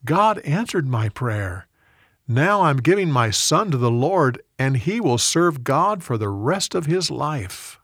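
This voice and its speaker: A devout, grieving woman pleads in prayer, her voice rising and falling with feeling, as a male reader puts her on. She speaks slowly in a dry, close sound. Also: on the high side, very animated, a bit bright, breathy edge, dry recording, full character voice. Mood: earnest.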